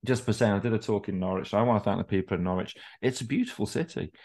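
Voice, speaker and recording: Man, podcast co-host, lowish voice, rambling, candid, profane. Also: fast talker, darkish tone. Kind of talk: casual podcast chat.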